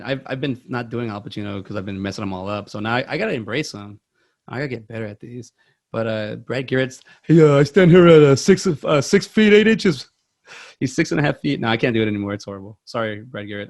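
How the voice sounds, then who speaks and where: A man's voice: on the low side, fast. A man hosting a movie podcast in casual, rambling chat, self-deprecating with many restarts. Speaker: podcast host.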